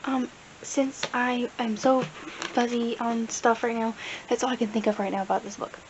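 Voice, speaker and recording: Her pitch is on the high side with little movement, and she keeps a moderate pace: a young book vlogger chatting rambly about her reading with plenty of fillers. The audio comes from a camera mic, dull and lo-fi with a faint hiss.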